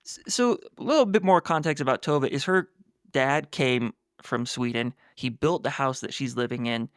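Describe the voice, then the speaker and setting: Smooth-voiced man chatting about a novel. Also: medium pitch, moderate pace, no echo, studio quality. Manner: chatty, filling in story context. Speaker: podcast co-host. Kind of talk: casual book discussion.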